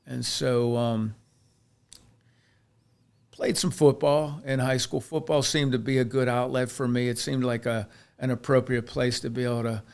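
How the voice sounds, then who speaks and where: With a mid-range voice that is both gravelly and smooth, this Pennsylvania chiropractor speaks at a measured pace and flat delivery. As a podcast guest, he reflects earnestly on his life story, frequently restarting his thoughts.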